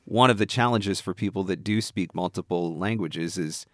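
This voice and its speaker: Low-voiced man hosting an interview. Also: moderate pace, fairly bright tone, no echo, studio quality. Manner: thinks aloud, checks in with the guest. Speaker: interview host. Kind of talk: casual interview questions.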